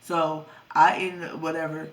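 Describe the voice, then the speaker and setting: A woman's voice: low-pitched, level tone, unhurried, far from the mic. A woman in her twenties telling a personal story to her viewers, blunt and heavily profane. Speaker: vlogger. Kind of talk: storytime vlog.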